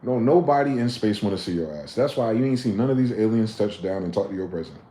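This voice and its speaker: Late-30s male livestreamer, lowish voice, heated preachy rant, echoey room. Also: animated, fast talker. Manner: heated, profane, preachy rant with sharp swings in loudness. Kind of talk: ranting livestream monologue. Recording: roomy echo.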